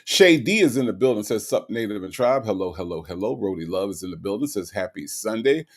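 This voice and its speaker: A man hosting a casual livestream, reading viewer comments aloud and greeting each viewer in an animated way. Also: lowish voice, brisk. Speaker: livestream host.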